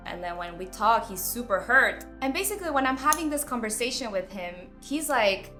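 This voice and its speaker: A woman's voice: fairly high pitch, big pitch swings, fairly quick, bright, forceful tone, soft background music. A woman hosting a self-development video, telling a personal story in a candid, chatty way full of "like.". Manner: candid, chatty, heavy use of "like".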